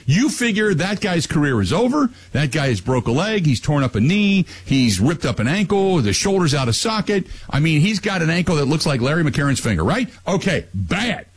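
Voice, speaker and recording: A man hosting a radio talk show, plugging an event and then ranting, his voice climbing high when worked up. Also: very animated, moderate pace, hardly any pauses, a little hiss or hum. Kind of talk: casual radio talk and rant.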